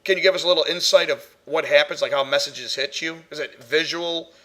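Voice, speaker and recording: A man hosting a casual paranormal podcast, chatty and quick to laugh while telling stories. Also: on the high side, steady tone, bright, forceful tone. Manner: laughs often, chatty storyteller. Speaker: podcast host, paranormal investigator.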